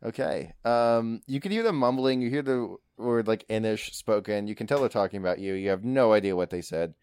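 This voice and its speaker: A man running a tabletop game as game master, casual and quick to laugh. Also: fairly low pitch, expressive, darkish tone, clean tone, dry recording. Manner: laughs often, casual with fillers.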